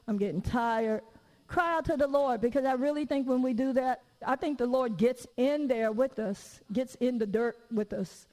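High-voiced woman preaching with laughter. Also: big-room sound, low-quality recording. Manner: lively, candid, laughing, with rhetorical questions. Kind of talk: conversational sermon.

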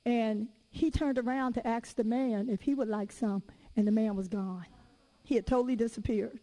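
A woman with a high voice delivers a sermon, weaving personal stories into it. Her talk is lively and conversational, full of casual everyday phrasing. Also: normal speed, low-quality recording. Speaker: preacher.

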